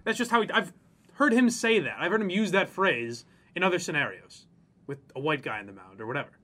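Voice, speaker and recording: Animated high-voiced ranting man. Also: brisk. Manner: profane, ranting, mocks people in exaggerated voices. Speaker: podcast co-host. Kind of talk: casual ranting chat.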